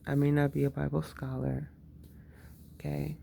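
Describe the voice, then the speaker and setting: A woman's voice: deep voice, level tone, moderate pace, creaky, dark tone, a little hiss or hum. A woman and mother talking candidly in a casual personal monologue, swearing freely and laughing often.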